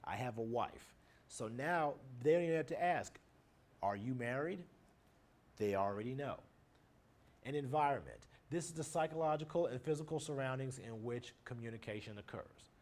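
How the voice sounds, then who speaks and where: A man's voice: medium pitch, lively intonation, moderate pace, a little mellow. Man lecturing a class. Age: adult, married. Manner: plain explanatory teaching with lists and examples. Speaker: teacher. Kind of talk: recorded lecture on nonverbal communication.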